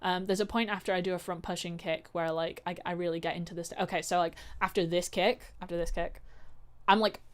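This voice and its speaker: A woman's voice: lowish voice, fairly even intonation, fairly quick. A woman vlogger talking casually about her fights, rambling with lots of fillers and restarts. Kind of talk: casual chat.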